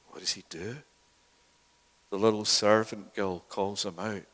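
Preacher in a long hall reverb. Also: male voice, lowish voice, steady tone, measured pace, pauses often. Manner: swings from loud urgent outbursts to hushed near-whispers. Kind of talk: sermon.

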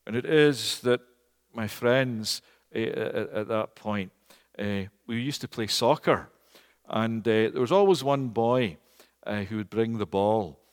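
A man from Scotland, preaching a storytelling sermon, animated and rising to loud emphatic peaks. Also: on the low side, takes it slowly, clean tone. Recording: long hall reverb.

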